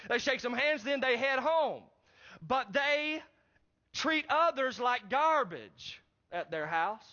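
A man's voice: very high voice, sharp tone. A man preaching a sermon, emphatic and pressing the congregation with rhetorical questions. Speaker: pastor. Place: church service. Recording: dull lo-fi recording.

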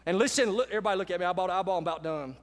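A man preaching a sermon as pastor, talking to the congregation like a friend and swinging between quiet asides and loud, emphatic lines. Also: sits high, very fast, long reverb tail. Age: adult with children.

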